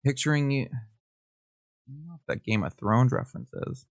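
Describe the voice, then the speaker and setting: A man hosting a casual podcast, reading texts and firing off gossipy reactions. His voice sits in an ordinary middle pitch. The sound is close and dry, with no room echo. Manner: animated, gossipy, reads texts aloud with quick asides and laughs. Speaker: podcast host.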